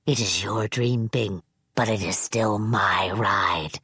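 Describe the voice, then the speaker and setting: A woman voicing a sinister old man who lures children, speaking slowly in a low hushed half-whisper in an audiobook reading. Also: husky, dry recording, exaggerated voice. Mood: hushed menace. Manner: slow, solemn, coaxing. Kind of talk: audiobook character voice.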